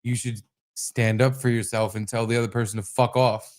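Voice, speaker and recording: Profane, animated male podcast co-host. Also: medium pitch, a little fast. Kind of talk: casual podcast chat.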